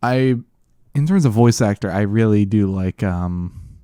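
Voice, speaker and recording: A man's voice: fairly low pitch, measured pace, mellow, dry recording, studio quality. A young man co-hosting a casual podcast chat, rambling and restarting his sentences. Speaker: podcast co-host.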